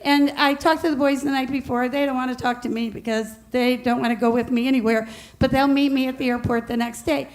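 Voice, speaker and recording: Laughing and animated, a middle-aged woman shares a personal story with an audience, voicing the lines of other people in it. She speaks fairly quickly in a voice that sits high.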